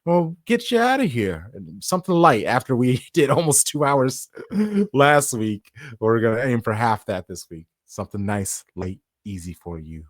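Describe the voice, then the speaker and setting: A man hosting a casual sports podcast, opening the show with playful, hype-style patter before settling into relaxed chat. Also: mid-range voice, measured pace, no room sound, clean studio sound. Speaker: podcast host.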